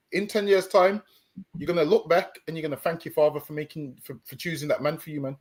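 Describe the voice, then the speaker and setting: Preachy high-voiced man, repeats himself. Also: darkish tone. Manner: preachy, repeats words, addresses listeners with "listen, man". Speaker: street preacher co-host. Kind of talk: stream discussion.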